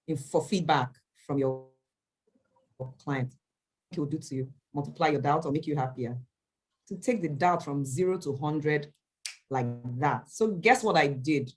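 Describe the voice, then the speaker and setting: A woman, an event MC answering questions in a motivational talk, emphatic and animated as she tells stories. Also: low voice, measured pace, long pauses, slightly rough. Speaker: event MC and speaker.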